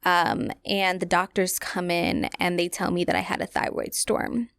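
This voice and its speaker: A woman's voice: lowish voice, flat delivery, normal speed, creaky, fairly bright tone, clear, resonant tone, no room sound, clean studio sound. A young woman, hosting a podcast and candidly telling a personal story to her listeners in a casual, chatty way. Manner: candid, conversational, many fillers, addresses listeners directly. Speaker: podcast host.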